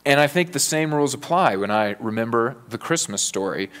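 A man's voice: mid-range voice, animated, brisk, a bit bright. A man preaching a sermon in an earnest, conversational way, often saying "you know".

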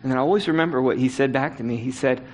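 A man's voice: mid-range voice, very fast, a little mellow, slight background noise. A middle-aged man preaching a sermon, telling a personal story earnestly and building to emphatic repeated calls to action. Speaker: pastor.

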